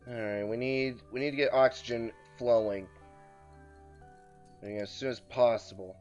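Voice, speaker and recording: A man's voice: medium pitch, moderate pace. A man casually commenting on his game as he plays, joking and bursting out in frustration. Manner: excitable, jokey, outbursts of frustration. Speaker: let's play host. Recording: muffled with faint background music.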